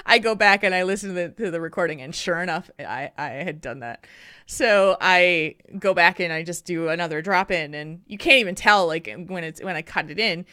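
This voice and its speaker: A woman co-hosting a casual podcast chat, telling a story in an animated, self-deprecating way. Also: on the low side, a little fast, clear, resonant tone, no room sound, clean studio sound. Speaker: podcast co-host.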